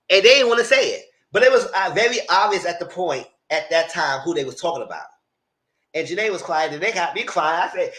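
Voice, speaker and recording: A man hosting a live discussion of a reality show, dramatic and sassy, swinging into high exclamations. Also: expressive, fairly quick, fairly bright tone, roomy sound. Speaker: host.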